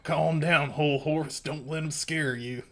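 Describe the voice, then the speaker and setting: A man's voice: fairly high pitch, steady tone, a little slow, creaky. A man voicing a nervous, cocky cowboy gunman with a drawling twang while reading a comic aloud. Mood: grumbling.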